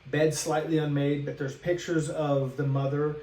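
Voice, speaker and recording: A man's voice: fairly high pitch, flat delivery, moderate pace, darkish tone. Man, podcast co-host, casual rambling storyteller, echoey room, distant mic. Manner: rambling, acts out the characters' lines. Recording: roomy echo, away from the mic, faint hiss.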